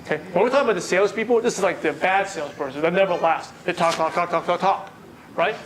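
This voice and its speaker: Male sales trainer, high voice, quizzes a live room, faint hum behind. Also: fast. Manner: asks the audience questions and repeats their answers. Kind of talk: live workshop lecture. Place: meeting room with a live audience.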